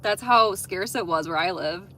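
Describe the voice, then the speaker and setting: On a low-quality recording with a bit of hiss or hum, a livestream host talks at normal speed in a lowish, sharp-toned voice. She is chatty as she responds to viewers' comments, filling her open, reflective advice with frequent "like" and "um."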